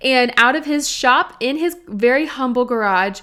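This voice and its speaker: A young woman from Texas talks through her solo podcast. She sounds chatty and earnest, speaking straight to her listeners in a voice that sits a little high. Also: moderate pace. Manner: warm, chatty and earnest, addressing listeners directly. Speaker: podcast host. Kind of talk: casual solo podcast talk.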